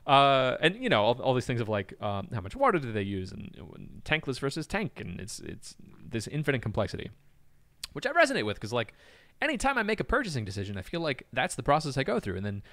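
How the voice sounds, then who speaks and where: A man's voice: medium pitch, huge pitch swings, fast talker, fairly bright tone, no echo. A man hosting a podcast in casual chat, retelling a story with frequent laughs and fillers. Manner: chatty, laughs often, many fillers. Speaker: podcast host.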